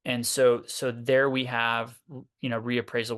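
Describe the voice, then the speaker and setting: A man's voice: medium pitch, little pitch movement, normal speed, fairly bright tone, clean tone. A man working as a therapist, explaining ideas in a casual, conversational way, sometimes swearing and acting out examples of inner self-talk. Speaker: therapist guest.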